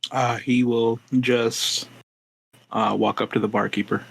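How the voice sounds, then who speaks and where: A man with a gravelly, husky voice describes his character's moves in a tabletop game. He talks in a flat, even tone and hesitates often. The sound is dry. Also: mid-range voice, a little slow, no echo. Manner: flat, hesitant, with many fillers.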